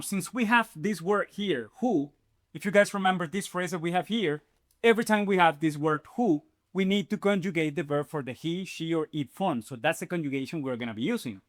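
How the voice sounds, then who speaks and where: Guy teaching spanish online, energetic, keeps saying okay? right?, kinda high voice. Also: brisk. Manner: explains step by step, addressing viewers as "you guys". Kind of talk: online language lesson.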